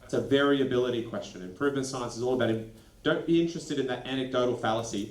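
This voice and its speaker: A man presenting a lively workshop to school leaders, animated and acting out quick snippets of dialogue. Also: mid-range voice. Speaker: education consultant presenting a workshop. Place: training venue. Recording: echoey room.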